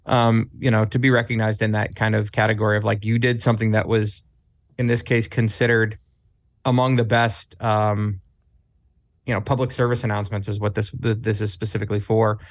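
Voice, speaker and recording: A man's voice: fairly low pitch, level tone, fairly quick, no echo. A man talking as a guest on a podcast in casual chat, animatedly telling stories and acting out his own quotes. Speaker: podcast guest, club staffer.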